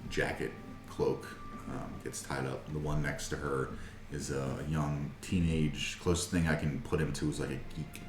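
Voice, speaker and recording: A man's voice: very deep voice, flat delivery, measured pace, few pauses, roomy sound, background noise. A man narrating a tabletop game as game master, with many hesitant fillers.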